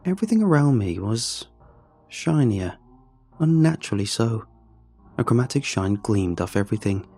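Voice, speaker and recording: Husky, mellow male storyteller, measured and steady, faint music behind. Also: mid-range voice. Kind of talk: first-person story narration.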